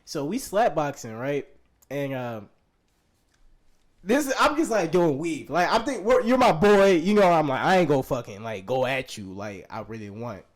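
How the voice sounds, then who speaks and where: A man's voice: fairly high pitch, big pitch swings, moderate pace. A young man in his twenties, co-hosting a podcast, telling a story in casual, profane slang and laughing often. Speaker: podcast co-host.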